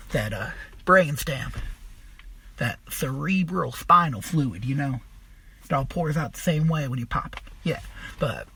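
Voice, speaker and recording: A man's voice: fairly high pitch, sharp tone, slightly rough, no room sound. A man hosting a podcast, telling a personal story in a rambling, profane way, full of fillers. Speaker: podcast host.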